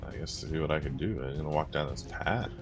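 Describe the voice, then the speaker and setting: A man's voice: rumbling low, quick pace, faint music behind. A man playing a tabletop game, speaking in a laid-back, resigned way. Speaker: player.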